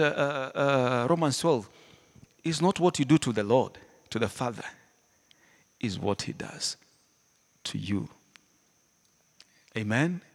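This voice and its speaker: A man preaching a sermon, animated, swinging between loud emphatic lines and hushed ones, often laughing. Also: a little high. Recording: hall reverb.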